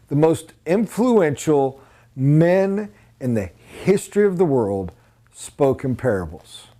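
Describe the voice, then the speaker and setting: A man teaching a sales training session in a blunt, informal way. His voice sits a little high and swings widely in pitch, jumping into loud, high bursts for emphasis.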